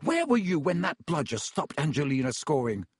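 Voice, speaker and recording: A man's voice: on the high side, very animated, moderate pace, slightly rough, no room sound, clean studio sound. A man voicing an earnest young team captain who speaks in an anxious, urgent way.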